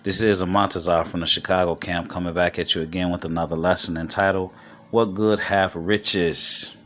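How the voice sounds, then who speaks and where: A man giving a scripture lesson as teacher, unhurried with pauses, checking in often with "all right?" and "okay?". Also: deep voice, fairly even intonation, pushed and bright. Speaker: Bible teacher.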